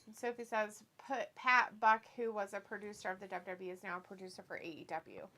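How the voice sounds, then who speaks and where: A woman's voice: mid-range voice, a little fast, pushed and bright. A woman co-hosting a casual livestream watch-along, reading viewer comments aloud with frequent giggles.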